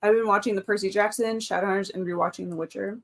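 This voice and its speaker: A woman's voice: mid-range voice, steady tone, quick pace. A woman in her thirties hosting a casual live stream from home, chatting and reading out chat comments. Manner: chatty, reads out chat comments, frequent laughs. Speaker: livestream host.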